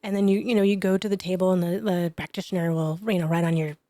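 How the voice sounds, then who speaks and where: Mellow-voiced woman telling a lively story. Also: lowish voice, fast, dry recording. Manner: animated storyteller, drops to whispers for quoted thoughts. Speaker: chiropractor guest. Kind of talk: storytelling in an interview.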